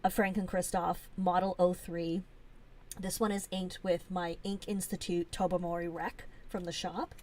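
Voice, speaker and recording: A woman's voice: on the low side, flat delivery, normal speed, darkish tone. A woman hosting a casual live stream, chatty and gushing, with lots of fillers as she shows things off.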